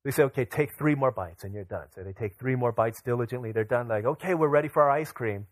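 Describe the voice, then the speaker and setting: A man's voice: medium pitch, fast, dry recording. A young man pastor preaching a sermon, telling a family story and acting out his children's voices.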